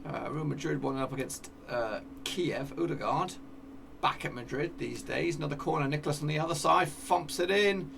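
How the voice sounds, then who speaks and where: Man, gravelly voice, excitable game commentary, slightly distant mic, faint background noise. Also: on the high side, moderate pace. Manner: excitable, cheers at goals, talks to his players. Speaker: gaming YouTuber. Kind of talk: live commentary over a football management game.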